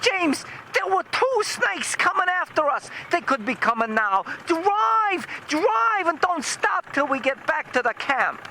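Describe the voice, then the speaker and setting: A man voicing a panicking female tourist mother, shrill and frantic, with engine noise from an outdoor vehicle behind. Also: sing-song, measured pace, few pauses, bright, forceful tone, full character voice. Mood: insistent.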